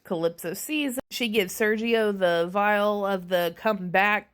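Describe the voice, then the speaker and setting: A woman's voice: medium pitch, measured pace, fairly bright tone, clean tone. A woman giving a casual, sarcastic spoiler recap of a movie, chatty and swearing freely with many asides. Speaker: movie reviewer.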